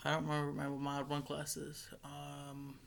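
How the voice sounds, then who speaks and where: A man's voice: a little high, monotone, normal speed, creaky. A teenage boy telling a school story in a casual, rambling way, full of likes, restarts and the odd swear. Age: teens. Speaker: high school student.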